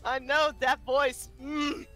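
A high, bright woman's voice chatting casually on a game stream. She giggles through her stories, with faint game music in the background. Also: flat delivery, takes it slowly. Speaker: co-host. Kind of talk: casual gameplay chat.

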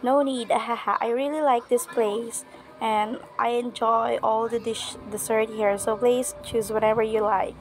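A woman's voice: on the high side, steady tone, soft background music. A woman reading an eager, flustered young woman commander who trips over her words. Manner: bright, quick to stumble over words.

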